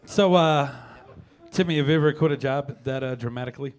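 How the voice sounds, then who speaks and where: A man's voice: mid-range voice, a little fast, darkish tone. A man hosting a live show, nudging his guest along with short, wry questions. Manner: prompting, wry interjections. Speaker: host. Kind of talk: casual chat.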